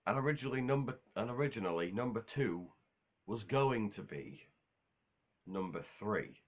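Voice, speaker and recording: A man's voice: fairly low pitch, animated, normal speed, phone-quality sound. A man talking in a casual, unscripted monologue, rambling offhand with self-corrections and casual swearing. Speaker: video host ranking game villains.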